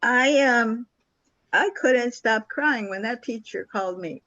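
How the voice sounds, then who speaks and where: Older woman telling an animated story. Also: on the high side, slow, no room sound, lo-fi sound. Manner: animated storyteller who acts out quoted dialogue. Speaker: guest. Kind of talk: storytelling in a conversational interview.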